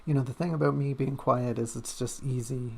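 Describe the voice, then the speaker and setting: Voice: mid-range voice, steady tone, brisk, vocal fry, slightly rough. A streamer chatting in a loose, rambling way while drawing on stream, full of self-mocking asides and little hums. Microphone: desk streaming mic.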